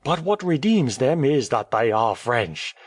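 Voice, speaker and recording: A man reading an audiobook, voicing a cheerful, talkative male French journalist who speaks in a brisk, airy, teasing way. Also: medium pitch, sing-song, no echo, studio quality, voice pushed up. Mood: breezy.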